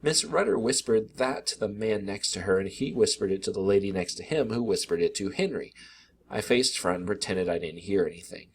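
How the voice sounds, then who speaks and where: A man reading a children's book aloud in an expressive, animated narration. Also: on the low side, a little fast, a little hiss or hum.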